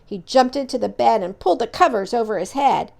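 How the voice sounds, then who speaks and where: A woman reading a children's picture book aloud in an expressive, animated way. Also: fairly high pitch, fairly quick, creaky. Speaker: storyteller.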